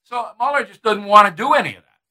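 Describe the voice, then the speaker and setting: Combative high-voiced male commentator. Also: lively intonation, fast, sharp tone, poor audio. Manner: combative, emphatic, scornful. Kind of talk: opinion commentary.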